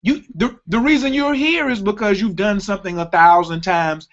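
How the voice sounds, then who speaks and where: A man's voice: high-pitched, normal speed, a bit bright, lo-fi sound. A man hosting a talk radio show, talking emphatically and cutting in with repeated interjections.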